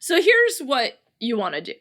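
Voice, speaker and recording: A woman's voice: sits high, huge pitch swings, normal speed, fairly bright tone. A woman hosting a solo podcast, talking in a chatty, upbeat way, reading out quotes and laughing often. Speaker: podcast host. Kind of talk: solo podcast talk on friendship.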